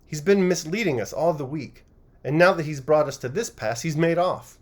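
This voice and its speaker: A man's voice: on the high side, moderate pace, pitched above the performer's own voice, lightly acted. A man voicing a thin, bearded male bootmaker complaining about an employer who cheated him, in a storybook reading. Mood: aggrieved.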